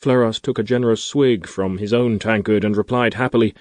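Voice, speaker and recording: Low-voiced man narrating a fantasy audiobook. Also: no room sound. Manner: measured, steady storytelling. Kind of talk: scripted narration.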